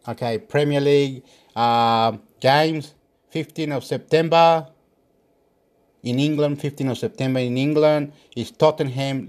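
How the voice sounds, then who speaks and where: A man's voice: mid-range voice, a little mellow. A man giving football predictions in a rambling casual monologue, talking to himself, muttering and sometimes swearing.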